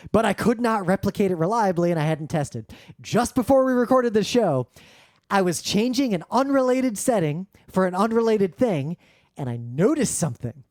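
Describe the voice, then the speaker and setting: A man's voice: high voice, a little mellow, no room sound. A man co-hosting a casual tech podcast from his home studio, explaining audio problems bluntly and swearing now and then. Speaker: podcast co-host. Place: home studio, remote recording session. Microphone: professional studio microphone.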